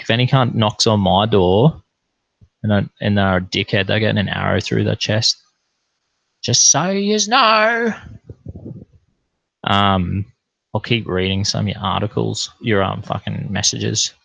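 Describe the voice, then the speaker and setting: A young Australian man rambles through a profane, blunt monologue for his online viewers. His voice sits low and carries a gravelly rasp. The recording is dry, with no room sound. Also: flat delivery, normal speed, no echo, low-quality recording. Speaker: online streamer.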